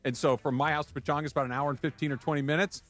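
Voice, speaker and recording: Brief: American man, slightly raised pitch, chatty co-host who rambles and restarts. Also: fairly even intonation, rapid-fire, a bit bright, faint music behind. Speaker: radio show co-host. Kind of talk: casual sports radio banter. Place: radio studio.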